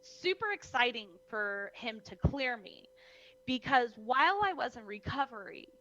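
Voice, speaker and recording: A young woman, a wrestler, telling her story in an animated interview, acting out the people in it, heard over a video call. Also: on the high side, a little slow, highs cut off. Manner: lively, acts out voices in her stories, many "like"s. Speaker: guest, professional wrestler.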